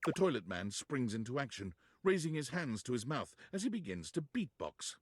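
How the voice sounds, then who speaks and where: A man's voice: medium pitch, sing-song, normal speed, breathy edge, no echo, studio quality. A man narrating a video game in a scripted, descriptive way.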